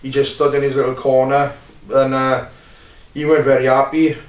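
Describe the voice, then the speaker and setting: A Welsh man recalls his wrestling career in a loose, meandering way, full of pauses and blunt remarks. His voice sits at an ordinary pitch and sounds roomy and set back from the microphone. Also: level tone. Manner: rambling, blunt, many filler pauses. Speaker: wrestler being interviewed. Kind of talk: casual shoot interview. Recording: roomy, distant mic.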